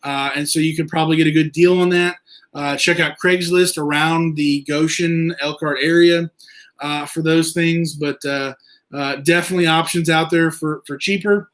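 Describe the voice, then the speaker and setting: A man hosting a casual livestream, answering viewer questions in a rambling, halting way with many fillers. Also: a little high, fairly even intonation, fairly bright tone. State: eye irritated from injury. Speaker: livestream host.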